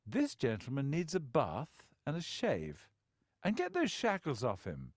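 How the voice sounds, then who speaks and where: A firm, commanding male leader, read by a male narrator, gives orders with brisk, dry humour. His intonation rises and falls freely, and the sound is close and dry. It is a character in a storybook reading. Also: mid-range voice, wildly swooping pitch, no echo. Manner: firm and commanding, dryly humorous. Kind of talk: audiobook character voice.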